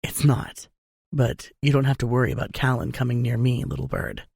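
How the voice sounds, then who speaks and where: A woman's voice: a bass voice, fairly even intonation, normal speed, creaky, darkish tone, husky, dry recording, pitched below the performer's own voice, exaggerated voice. A woman voicing a brooding, possessive young man with a dry, teasing manner.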